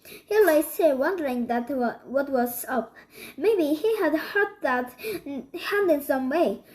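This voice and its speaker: A woman reading a children's book aloud, halting and restarting often. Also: high voice, lively intonation, a little mellow, poor audio. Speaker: storybook reader.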